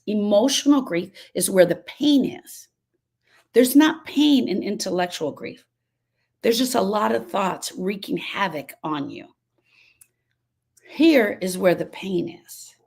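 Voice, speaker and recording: Her voice is mid-range, a little mellow and slightly rough as she coaches on grief in a live stream, answering each viewer by name. She drives her points home through repetition and often strays onto sidetracks.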